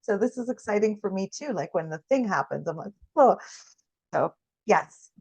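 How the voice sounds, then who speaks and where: A woman co-host in a casual spiritual chat, speaking gently and affectionately, with easy laughter. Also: mid-range voice, lively intonation, normal speed, gravelly, no room sound.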